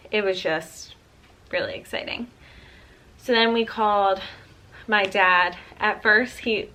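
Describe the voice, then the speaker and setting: A woman's voice: mid-range voice, sharp tone. A woman in her twenties chatting casually to camera in an earnest way, with many likes and ums as she tells a personal story. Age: 20s. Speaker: vlogger.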